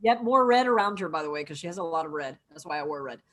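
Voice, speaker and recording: Animated woman acting out film scenes. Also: low voice, fast talker. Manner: animated, profane, acts out characters' lines. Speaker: co-host. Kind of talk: casual chat recapping a film.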